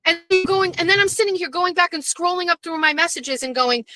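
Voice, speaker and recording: A high-voiced woman vents to her audience from a parked car, blunt and full of profanity. Her tone is bright and sharp, and her talk rambles with restarts. The sound is close and dry. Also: fairly quick, hardly any pauses, no echo, poor audio. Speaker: host. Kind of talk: candid venting monologue.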